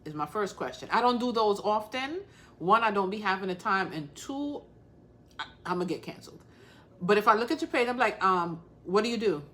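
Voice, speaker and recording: A woman's voice: mid-range voice, lively intonation, moderate pace, a bit bright. Blunt, direct woman hosting a livestream. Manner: blunt, direct, calls out viewers by name. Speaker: host of a crafting livestream. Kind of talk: casual livestream chat.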